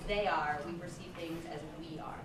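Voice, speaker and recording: A woman presenting a hands-on workshop to early childhood teachers, lively and encouraging, often saying um. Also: low voice, moderate pace, a loud crowd. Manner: lively, encouraging, with frequent ums. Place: large room with a group. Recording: echoey, distant, noisy room recording.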